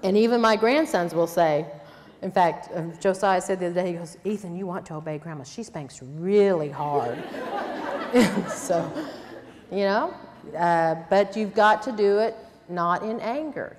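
An older woman teaching a conference sermon on parenting, earnest and plain-spoken, with quoted asides. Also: mid-range voice. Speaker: conference speaker. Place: church conference hall. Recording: long reverb in a hall.

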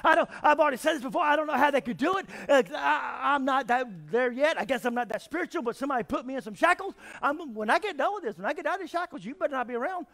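High-pitched shouting preacher man. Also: fast, hardly any pauses. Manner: preaching, often shouting and then dropping quiet. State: out of breath. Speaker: pastor. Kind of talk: sermon.

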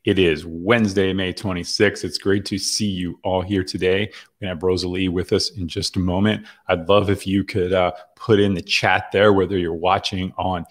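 A man's voice: low-pitched, level tone, moderate pace, hardly any pauses. A middle-aged man hosting a live video call, chatty and rambling with lots of fillers and restarts. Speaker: host. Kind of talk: casual livestream hosting.

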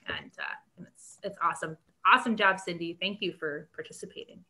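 Bright-voiced chatty woman presenting crafts. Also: on the low side, wildly swooping pitch, a little fast. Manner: chatty and upbeat, laughs often. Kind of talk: casual live craft demonstration.

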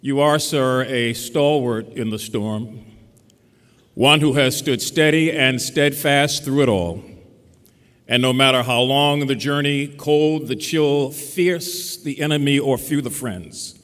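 A man's voice: mid-range voice, a bit bright. Oratorical man speaking in a reverberant venue. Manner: formal, oratorical, with rhetorical cadence. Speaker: keynote speaker. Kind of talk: commencement address.

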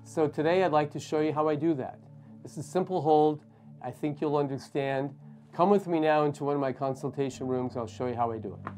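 A middle-aged male pediatrician gently explaining and demonstrating a baby-calming hold to parents. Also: fairly high pitch, a little fast. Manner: gentle, reassuring, plain explaining. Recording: faint music behind.

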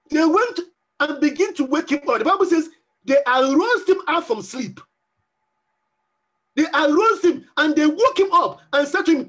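A man's voice: extremely high pitch, a bit bright. A man preaching a sermon as pastor, repeating phrases for emphasis and acting out pleading prayers.

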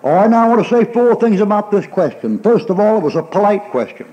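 Folksy preacher man, fairly high voice. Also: sing-song, fast, dark tone, muffled recording. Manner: folksy and emphatic, acts out quoted people with laughs. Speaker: pastor. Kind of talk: sermon.

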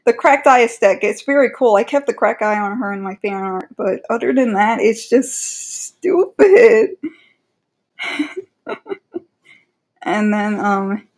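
A woman's voice: mid-range voice, steady tone, a little fast. A woman giving casual opinion commentary in a rambling, exasperated way, with frequent fillers and restarts. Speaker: commentary creator.

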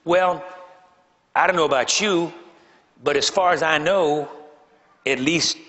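A man's voice: a little high, takes it slowly, bright, forceful tone, long reverb tail. A male pastor preaching a sermon to a congregation. He teases and jokes with them, leans hard on key words and repeats phrases for emphasis. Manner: joking, teasing the congregation between emphatic points. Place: church sanctuary before a congregation.

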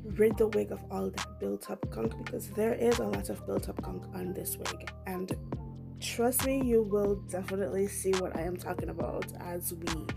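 Chatty woman with a gravelly morning voice. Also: mid-range voice, moderate pace, music in the background. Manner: chatty, slangy, playful. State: groggy morning voice. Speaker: beauty vlogger. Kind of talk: casual voiceover.

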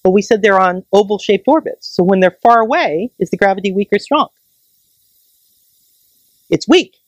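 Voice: medium pitch, normal speed, no echo, dull audio. Enthusiastic astronomer lecturing, dry sound. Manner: enthusiastic, keeps checking in with the audience with "right?"; explains in plain everyday comparisons. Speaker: staff astronomer giving a public lecture. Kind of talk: public science lecture. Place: planetarium lecture.

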